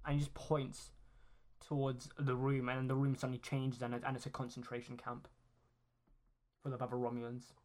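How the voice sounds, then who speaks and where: A woman game master narrates a dark scene in a slow, low-key way. Her voice sits very deep for a woman, and she keeps the delivery quiet and steady.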